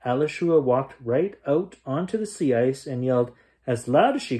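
Recorded through a camera mic positioned close by, a man with a mid-range voice reads a bedtime children's book at ordinary speed. His reading is lively, and he raises his voice whenever a line is yelled.

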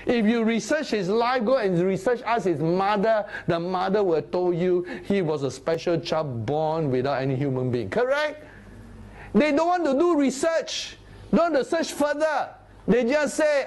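A man teaching a Bible study sermon, animated, sometimes dropping into low, grave tones. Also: slow pace, pauses often. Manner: animated, acts out crowd voices in a raised voice; drops to low, grave tones for solemn points.

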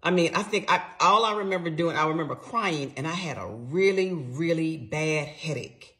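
A middle-aged woman vlogger with a low, fairly bright voice tells a personal story at a moderate pace, her intonation lively. It's a casual storytime, emotional and blunt, full of swearing and addressed straight to her viewers.

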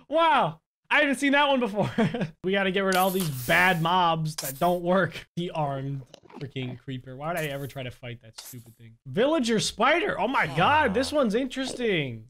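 A young man giving excitable gameplay commentary, laughing often and yelling at the mobs. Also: high-pitched, noisy background. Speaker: gaming YouTuber.

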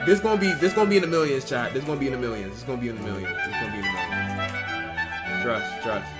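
A young adult man streaming live, chatting casually to his viewers. He swears freely and loops the same phrases over and over, in a middle-pitched voice, with faint music underneath. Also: quick pace. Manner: profane, repetitive, talks to chat.

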